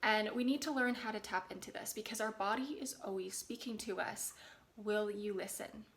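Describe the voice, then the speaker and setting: A young adult woman talking casually to camera as a spiritual development vlogger, gentle, earnest and encouraging. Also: a little high, fairly quick. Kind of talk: casual direct-to-camera talk.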